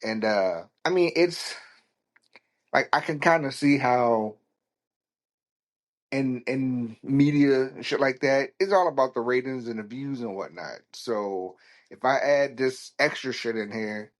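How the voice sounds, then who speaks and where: A man hosting a solo podcast, talking casually in a rambling, blunt and foul-mouthed way. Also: mid-range voice. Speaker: podcast host.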